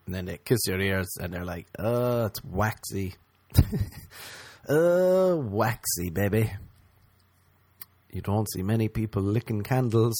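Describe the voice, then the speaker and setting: A man's voice: lowish voice, dry recording. A man hosting a podcast, rambling through a crude, sarcastic comedy monologue and slipping into mocking voices. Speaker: podcast host.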